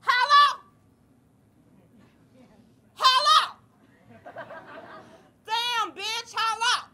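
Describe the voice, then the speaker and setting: Brief: woman putting on a brash young woman, shrill and piercing, loud and bright. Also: very slow, heavily acted.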